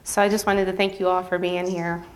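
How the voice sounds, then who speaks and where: A woman's voice: lowish voice, flat delivery, a little fast. Nervous, earnest woman presenting her work. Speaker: journalism professor presenting her project. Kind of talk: public presentation. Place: campus event venue.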